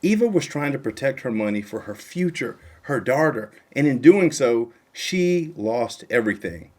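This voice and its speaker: An earnest man narrates a scripted warning in short, punchy phrases. His pitch swings widely from low to high as he stresses each point, though his voice sits at an ordinary middle height. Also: big pitch swings, normal speed, a little mellow. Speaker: channel host.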